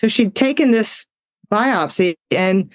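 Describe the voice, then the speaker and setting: A woman, telling personal stories in casual talk, animated and laughing often as she acts out the voices in her story. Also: mid-range voice, slow, no room sound. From Southern United States.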